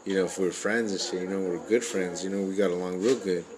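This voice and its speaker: A man's voice: low-pitched, steady tone, fast talker, a crowd in the background, poor audio. A man telling personal stories in a rambling, casual way, full of fillers and profane street slang. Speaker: parent sharing life stories.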